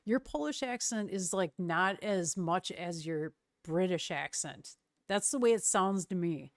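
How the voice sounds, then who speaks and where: A woman's voice: lowish voice, unhurried, no echo. Chatty woman streamer, dry close sound. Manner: relaxed, chatty, laughs often. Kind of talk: casual chat with viewers.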